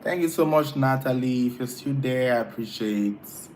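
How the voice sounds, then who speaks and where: A man's voice: medium pitch, moderate pace, darkish tone, a little hiss or hum, poor audio. A man hosting a casual live stream, chatting with viewers, teasing them and laughing often. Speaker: livestream host reading chat.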